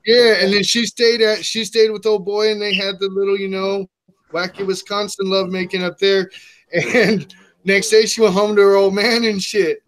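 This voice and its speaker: Animated high-voiced male podcast host. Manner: animated, acts out the people in his stories with quick shifts. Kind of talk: casual profane storytelling.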